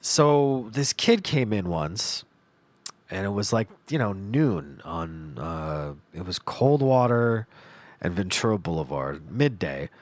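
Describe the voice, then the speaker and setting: A man hosting a podcast, telling a comedic story in a profane, animated way and laughing along. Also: low-pitched, takes it slowly, dry recording. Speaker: podcast host.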